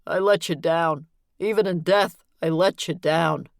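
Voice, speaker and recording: A woman's voice: fairly low pitch, a little slow, creaky, no echo, clean studio sound, pitched above the performer's own voice. Woman voicing a shaky, remorseful older man. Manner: pleading, shaky. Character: tearful guilt-ridden older man.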